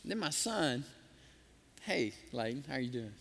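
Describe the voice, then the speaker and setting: A male pastor gives an animated storytelling sermon, bringing the figures in his stories to life with their own voices. He speaks unhurriedly in a mid-range, creaky voice. The recording sounds like a big room, with a little hiss or hum.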